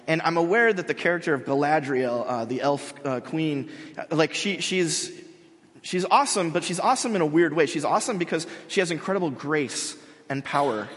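A man's voice: fairly high pitch, lively intonation, fairly quick, a bit bright. A male pastor giving a sermon in a casual, joking, conversational way. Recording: long hall reverb.

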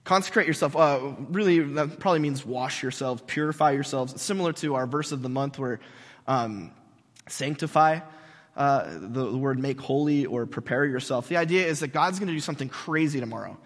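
A male pastor preaching a sermon in an animated, jokey way with sarcastic asides, recorded in a large hall with long reverb. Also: medium pitch, fairly quick.

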